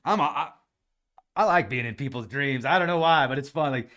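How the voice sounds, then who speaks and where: A man's voice: mid-range voice, fairly quick, pushed and bright. A man hosting a podcast livestream, chatting casually, reading viewer comments aloud and addressing people by name. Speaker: podcast host reading live chat comments.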